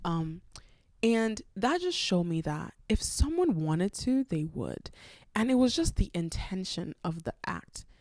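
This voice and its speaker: A woman's voice: lowish voice, big pitch swings, measured pace, a little mellow, no echo, studio quality. A young woman hosting a solo podcast, telling a rambling, self-aware story with a congested voice from a cold. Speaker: podcast host.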